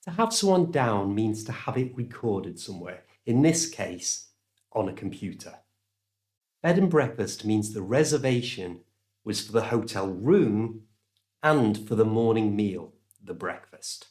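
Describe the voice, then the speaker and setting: A man with a British accent teaching English pronunciation in a scripted lesson, with clear, careful enunciation. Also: on the low side, sing-song, darkish tone. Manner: clear, slow, careful enunciation with exaggerated examples.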